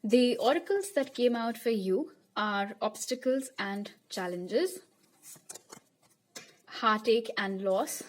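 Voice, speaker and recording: A woman's voice: fairly high pitch, slow. A young woman giving a pick-a-card tarot reading to her viewers in a chatty, reassuring way. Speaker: tarot reader.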